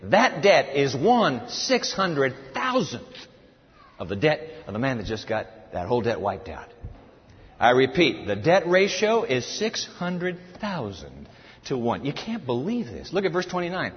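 A man preaching a sermon from scripture, emphatic and animated, telling his listeners to write things down. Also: mid-range voice, unhurried. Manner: animated and emphatic, tells listeners to take notes. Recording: reverberant hall, dull lo-fi sound.

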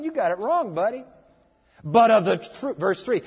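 A male preacher delivers a sermon in a high, lively voice, pressing hard on some words and dropping low on others. The recording is dull and lo-fi, with a long echo from a big hall. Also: brisk, husky. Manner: dramatic, emphatic, with big swings in loudness. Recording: echoey hall, dull lo-fi sound.

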